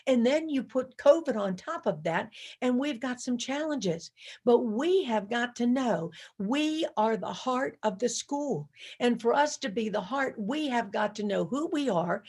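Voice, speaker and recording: A woman delivers a rousing keynote to a live audience, with a fairly high voice. She drives each point home with emphasis, says her key lines again and again, and gets the crowd chanting along. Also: breathy edge. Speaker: motivational speaker.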